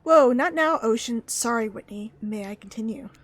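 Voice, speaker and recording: A woman voicing a sly, teasing, disembodied game narrator, speaking low and mock-ominous. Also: normal speed, lightly acted.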